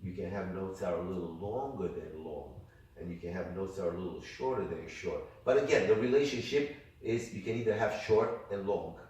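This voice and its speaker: An older man teaching a music workshop, talking in an animated way and demonstrating rhythms with sung syllables. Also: low voice, a little fast. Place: indoor workshop room. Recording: echoey room from far off, faint noise.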